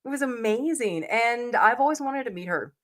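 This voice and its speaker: A woman in her forties, sick and hoarse, chatting casually as co-host of a reaction show, swearing freely and laughing often. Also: fairly high pitch, animated, moderate pace, a bit bright. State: sick, losing her voice, coughing.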